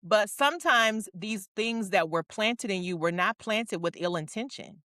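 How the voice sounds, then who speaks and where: Lively, bright-voiced woman co-host. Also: medium pitch, a little slow, no room sound, studio quality. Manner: reflective, thoughtful, builds her points. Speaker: podcast co-host. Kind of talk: casual conversational talk.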